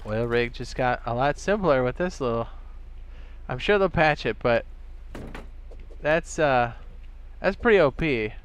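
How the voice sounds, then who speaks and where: A young man casually chatting on a gaming live stream, excitable and chatty, tossing in playful sound effects. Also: medium pitch, a little slow, long pauses, slight background noise.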